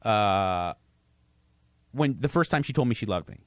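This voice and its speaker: A middle-aged man chatting as a podcast guest, telling stories in a halting, self-deprecating way with many restarts. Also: fairly low pitch, lively intonation, no echo, clean studio sound. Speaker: guest, radio host. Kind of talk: casual podcast chat. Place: studio.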